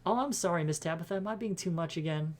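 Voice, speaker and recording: A man's voice: a little high, quick pace, voice pushed up, close to an everyday voice. A man voicing a cheerful, chatty woman housekeeper who is eager to please, gushing as he goes. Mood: bubbly. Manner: bubbly, gushing.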